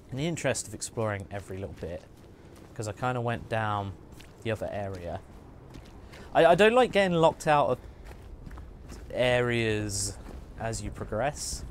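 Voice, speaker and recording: A man's voice: fairly low pitch, lively intonation, measured pace, pauses often, a little hiss or hum. A man streaming a game, chatting and joking and muttering asides to himself as he plays. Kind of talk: casual gaming commentary.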